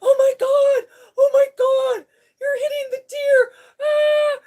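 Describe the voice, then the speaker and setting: A woman's voice: flat delivery, takes it slowly, dark tone. Woman playing a shrieking panicked husband. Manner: shrieking, high-pitched panic. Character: panicking adult male ex-husband passenger.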